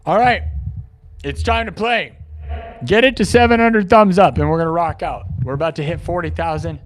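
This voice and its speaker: A man hosting a live stream, rambling excitedly to his chat. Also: sits high, normal speed.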